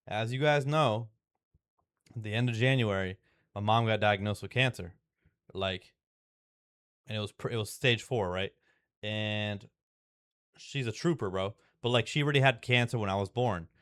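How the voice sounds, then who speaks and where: A young man with a fairly low, smooth, resonant voice rambles through a personal story, tripping over fillers and restarts. He sounds exasperated and swears casually. The sound is close and dry. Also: a bit bright, dry recording. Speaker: vlogger.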